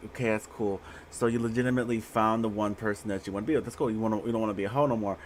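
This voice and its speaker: A man's voice: fairly low pitch, steady tone, very fast, hardly any pauses, a little hiss or hum. A man giving a casual tarot reading on a livestream, blunt and profane, laughing often. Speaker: tarot reader.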